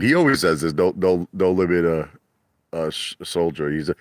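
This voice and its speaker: A man chatting casually on a livestream, rambling and boastful, sometimes laughing and putting on a mock falsetto. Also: moderate pace, fairly bright tone, no echo, studio quality. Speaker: livestream host. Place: outdoor hot tub at night.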